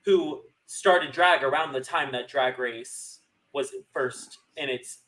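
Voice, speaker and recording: Bright, rambling man on a podcast. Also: mid-range voice, slow, slight background noise, low-quality recording. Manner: rambling, restarts thoughts. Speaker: podcast co-host. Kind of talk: casual chat.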